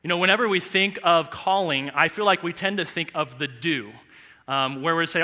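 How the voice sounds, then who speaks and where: A male pastor in his thirties preaching a sermon in a large church, telling a personal story with animated, heartfelt delivery. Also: on the high side, moderate pace. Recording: echoey church hall reverb.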